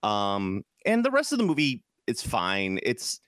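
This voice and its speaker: A man's voice: lowish voice, wildly swooping pitch, measured pace, a bit bright, smooth, dry recording, studio quality. A man from Chicago co-hosting a casual podcast chat, rambling with lots of restarts and fillers. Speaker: podcast co-host.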